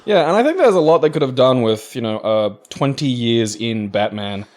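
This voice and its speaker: A man's voice: mid-range voice, expressive, normal speed, a little mellow. A man, hosting a casual let's play chat, rambling and swearing freely while he mutters through a puzzle. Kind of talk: casual chat over gameplay.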